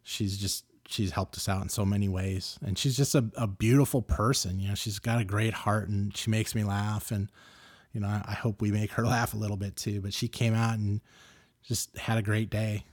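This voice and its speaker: A middle-aged man hosting a podcast, telling a story casually and getting animated and louder as he gets worked up. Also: on the low side, normal speed, no echo, studio quality. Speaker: podcast host.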